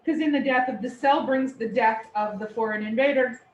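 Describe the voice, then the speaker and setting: Woman instructor, high voice, playful lecture style, echoey room recorded from a distance. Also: fairly quick, muffled recording. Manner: animated, playful explanations. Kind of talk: classroom lecture. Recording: echoey room, distant mic, faint noise.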